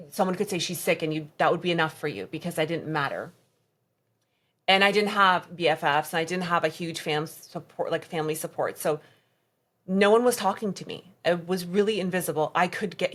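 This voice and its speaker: Woman guest, low voice, halting delivery that slips into reenacted dialogue, candid testimony. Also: animated, fairly bright tone. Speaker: podcast guest. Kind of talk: personal testimony in conversation.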